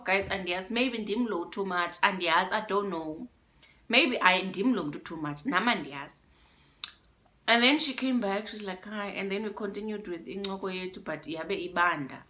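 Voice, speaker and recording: A young South African woman with a South African accent telling a storytime vlog, animated and switching between English and isiXhosa phrases. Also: medium pitch. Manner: animated, mixes in isiXhosa phrases, addresses viewers as guys. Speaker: YouTuber.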